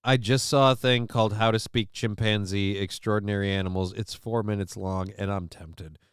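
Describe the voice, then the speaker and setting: A man's voice: on the low side, fairly even intonation, normal speed, clean tone, dry recording. A man hosting a commentary show, rambling casually with many fillers and frequent swearing. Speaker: show host.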